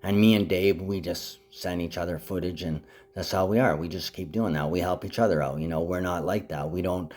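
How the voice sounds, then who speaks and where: A man rambling to the camera in a vlog monologue, jumping between topics and speaking to his mother with sudden rises in pitch. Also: fairly even intonation, a little fast, darkish tone.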